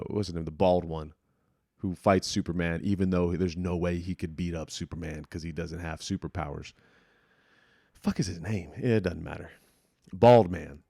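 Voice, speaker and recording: A man's voice: on the low side, no echo, studio quality. A young man hosting a solo podcast, talking casually with lots of restarts, fillers and swearing. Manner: rambling, profane, frequent restarts and fillers. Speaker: podcast host.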